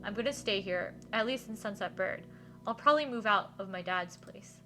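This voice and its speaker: A woman reading aloud the quiet lines of a gentle, troubled young man in a game. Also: mid-range voice, moderate pace, faint music behind, natural voice. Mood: subdued. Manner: quiet, subdued reading of dialogue.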